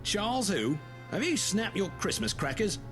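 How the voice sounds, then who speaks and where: Brief: cocky Cockney secret agent, lively sing-song delivery, game score under. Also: male voice, high-pitched, moderate pace. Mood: cocky, blustery. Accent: Cockney (put on). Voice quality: exaggerated stagey Cockney, cocky and blustery. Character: brash male Cockney British spy. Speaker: game voice actor. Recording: game audio with loud music behind.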